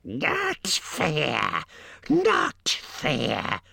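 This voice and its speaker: A wretched cave creature hisses and wheedles in a slow, drawn-out way, stretching every word. The voice is gravelly and sharp-edged and swoops far up and down. It is a storybook villain heard up close in a dry space. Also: male voice, mid-range voice, wildly swooping pitch, dry recording, voice pushed up, heavily acted. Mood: agitated. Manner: hissing, wheedling, talks of itself as us. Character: Gollum, wretched hissing cave creature, male. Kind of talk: audiobook character voice.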